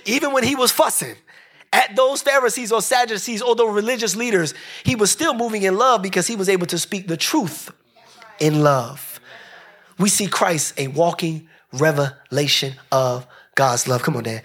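A man preaching a sermon as pastor, building rhythmic repeated phrases and dropping soft and low for emphasis. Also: normal speed.

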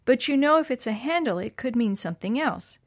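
A woman's voice: a little high, lively intonation, fairly quick, dry recording, pitched above the performer's own voice. Storybook boy, eager and earnest, read by a woman; dry, close sound. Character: eager boy who uses a wheelchair.

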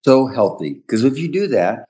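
A man's voice: mid-range voice, very animated, moderate pace, dark tone. An older man hosting a podcast, telling stories in a chatty way and laughing often. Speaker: podcast host. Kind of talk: casual chat.

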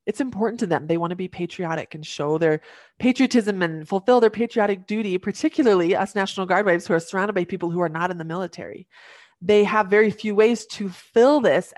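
This young podcast guest's voice is fairly low and a little mellow, and she talks at a quick pace. Earnest and encouraging, she coaches listeners with practical tips and demonstrates phrases they might say. The studio sound is clean, with no room sound.

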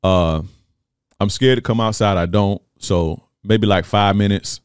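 A man telling a story on his podcast in animated, profane casual style, acting out what people said. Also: lowish voice, a little slow, clean tone, dry recording, clean studio sound. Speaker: podcast host.

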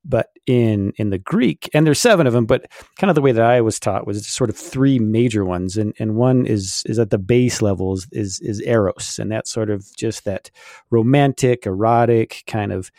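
A man's voice: fairly low pitch, moderate pace, mellow, no echo, studio quality. A middle-aged man co-hosting a casual faith podcast, explaining at length with many fillers. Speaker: podcast co-host.

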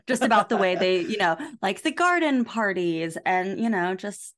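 A woman's voice: mid-range voice, expressive, normal speed, a bit bright. An American woman co-hosting a podcast, chatting in a bubbly, giggly way and saying "like" often. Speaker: podcast co-host. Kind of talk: casual chat.

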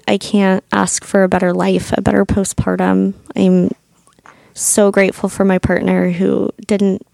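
Candid woman with a gravelly voice. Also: mid-range voice, warm tone, no room sound, studio quality. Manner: candid, emotional, swears freely. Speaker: podcast host and doula. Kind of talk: personal birth story.

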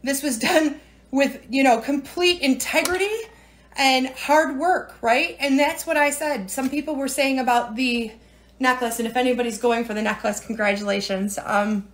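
Woman, high voice, chatty and teary, rambling livestream talk from home. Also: moderate pace. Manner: chatty, rambling, emotional, frequent "right?" and "you know". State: tearful, near crying. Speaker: direct-sales team leader. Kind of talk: casual livestream talk to viewers.

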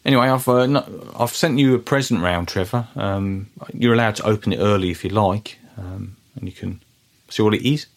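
A man hosting a comic podcast, talking in a deadpan, hesitant, rambling way. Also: lowish voice, moderate pace. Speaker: podcast host.

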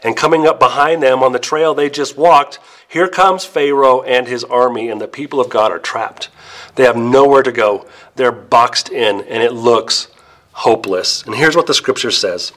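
A male pastor preaching a sermon, telling the story emphatically and slowing down, dropping soft to stress key words. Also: medium pitch.

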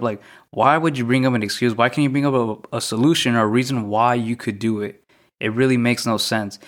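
A young man hosting a solo podcast, talking through his thoughts in a mostly monotone, reflective way, often repeating questions. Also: medium pitch. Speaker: podcast host.

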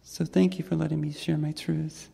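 A trans woman telling a personal story on stage to an audience in a reflective, gentle way. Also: low voice, little pitch movement, moderate pace, gravelly, husky. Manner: reflective and gentle, with soft laughs. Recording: long hall reverb.

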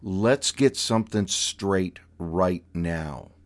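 A man voicing an elegant, genteel Southern aunt who is syrupy and coaxing, then firm and commanding in slow, stern words. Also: low voice, animated, heavily acted. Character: elegant genteel Southern aunt, sweet but steely, woman.

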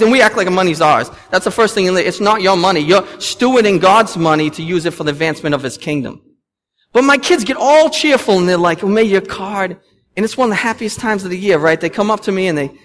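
A man in his thirties preaches in a high, bright-pitched voice, swinging up and down for emphasis and tossing questions out to the congregation. His words ring through a large church with a long reverb tail. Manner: animated preaching, rising and falling with emphasis, asking the congregation questions. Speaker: pastor. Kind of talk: sermon. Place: church sanctuary.

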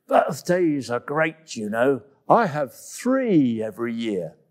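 A squeaky, excitable little jungle girl from a storybook, put on by a man. She swoops about in a high, lively voice with a gravelly edge and stammers when caught out. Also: measured pace, full character voice. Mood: cheeky. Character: cheeky little female jungle animal on her birthday.

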